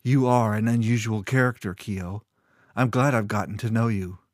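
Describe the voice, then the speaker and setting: A man's voice: on the low side, steady tone, normal speed, no echo, clean studio sound, lightly acted. A man voicing a bold, fiery young woman. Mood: soft. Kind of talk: audiobook character voice.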